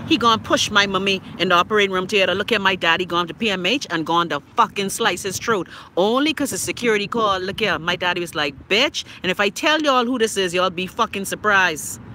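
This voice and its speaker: A loud, cussing Bahamian woman in her fifties hosts a livestream, speaking with a Bahamian accent. Her voice is bright and cutting, and she rants freely into a phone. Faint street and traffic noise hums behind her outdoors. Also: medium pitch. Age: 50s. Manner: loud, profane, animated ranting. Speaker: livestream host. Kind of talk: casual livestream chat.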